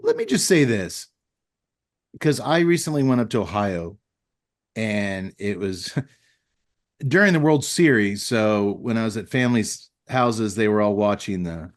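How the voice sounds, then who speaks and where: A man hosting a casual podcast, telling stories with a joking, deadpan manner. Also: on the low side, measured pace. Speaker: podcast host.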